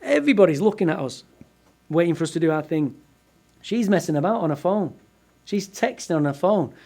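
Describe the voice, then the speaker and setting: Male speaker, fairly high voice, lively comic storyteller, swears freely, talking to a room. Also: brisk, gravelly. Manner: animated, profane, comic storyteller. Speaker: speaker at a recovery meeting. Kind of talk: humorous personal storytelling talk. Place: meeting room before a live audience.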